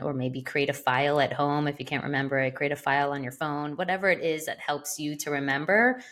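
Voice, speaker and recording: Low-voiced woman podcast host. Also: creaky, fairly bright tone. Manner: rambling, full of "like" and "you know". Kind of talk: casual podcast chat.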